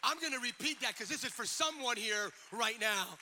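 A male preacher delivering a sermon to a congregation in church, using rhythmic repetition that builds to shouted climaxes. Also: very high voice, moderate pace, a faint crowd, slight background noise. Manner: energetic, animated. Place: church service before a congregation.

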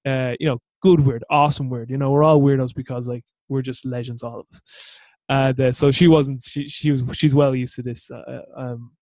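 A man's voice: mid-range voice, flat delivery, moderate pace, a little mellow, no room sound. An Irish man from Ireland hosting a podcast, telling a long story in a chatty, rambling way full of fillers and restarts. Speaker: podcast host. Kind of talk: casual storytelling monologue.

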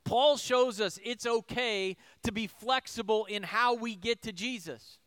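A man preaching a sermon as pastor, asking rhetorical questions and swinging between loud emphasis and soft asides. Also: high-pitched, measured pace, clean tone, dry recording.

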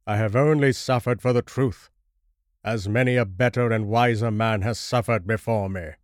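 A man's voice: fairly low pitch, fairly even intonation, no echo, clean studio sound, natural voice. Man voicing a bitter old recluse scholar. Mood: grave. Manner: measured, grave, formal delivery. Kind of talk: audiobook horror story reading.

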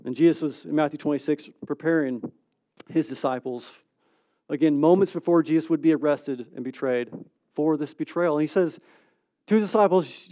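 A man preaches in a lively, conversational way, often checking in with "right?". He acts out the scenes, swinging from loud to hushed. His voice sits high and the sound is dry, with no room echo. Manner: animated storytelling with quick swings between loud and hushed. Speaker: pastor. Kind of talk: sermon.

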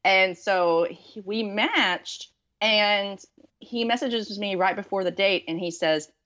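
A chatty author guest from Texas, in the Southern US, tells dating stories in a casual storytelling interview, self-deprecating and full of fillers. She speaks slowly in a mid-range, slightly bright voice, and the recording has its highs cut off.

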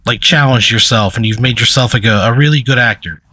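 A man voicing a mysterious, commanding woman who speaks haltingly and softly in a story told during a comedy podcast. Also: mid-range voice, slight background noise, natural voice. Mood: sweetly ominous.

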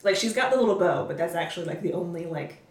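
A woman's voice: on the low side, lively intonation, fast. Chatty woman in a roomy room. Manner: enthusiastic, rambling with fillers. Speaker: podcast co-host. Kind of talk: casual chat. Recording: roomy echo.

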